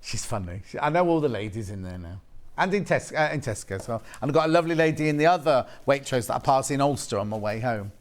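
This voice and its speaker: A man's voice: medium pitch, animated, quick pace. A man presenting on a TV shopping channel, chatty and jokey, bantering and repeating prices. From West Midlands, England. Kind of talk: live shopping TV sales patter. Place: TV studio.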